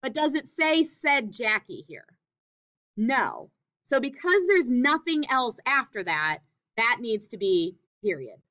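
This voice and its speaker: A woman's voice: a little high, big pitch swings, takes it slowly, fairly bright tone. A woman teacher explaining punctuation in a classroom writing lesson, reading examples aloud with expression.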